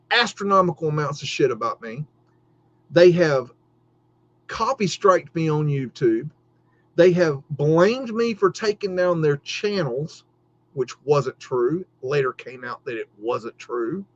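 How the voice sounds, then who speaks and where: Middle-aged guy ranting on a livestream, swears a ton, trips over his words, kinda high voice, muffled lo-fi audio. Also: lively intonation, takes it slowly, pauses often. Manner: heated, profane, stammering restarts. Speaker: podcast host. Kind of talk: livestream rant. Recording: dull lo-fi stream audio.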